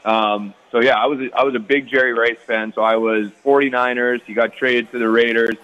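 A man's voice: mid-range voice, fairly even intonation, brisk, smooth, dull audio. A man in his thirties from Canada, a guest athlete chatting casually in an interview, easygoing and rambling with lots of fillers.

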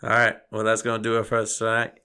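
A man's voice: on the low side, monotone, quick pace, pushed and bright, clean tone. A man co-hosting a podcast in casual chat, teasing his partner and calling him "fool.". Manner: teasing, calls people "fool". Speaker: podcast co-host.

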